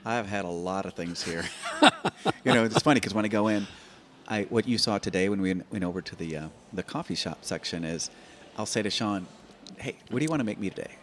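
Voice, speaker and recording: A man in his fifties with a low, deep voice tells stories on a podcast. He talks in an animated, rambling way, stacking up repeated words as he gathers his thoughts. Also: fairly quick, a little hiss or hum. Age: 50s. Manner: animated, repeats words and restarts while thinking. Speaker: podcast guest. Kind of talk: conversational storytelling. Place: open-air bike and coffee shop in a garage.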